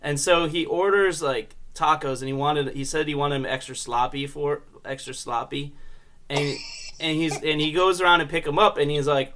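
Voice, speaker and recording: A man's voice: fairly high pitch, fairly even intonation, normal speed, pushed and bright, a little hiss or hum. A young adult man hosting a casual comedy podcast, telling rambling, profane stories with laughs. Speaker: podcast host.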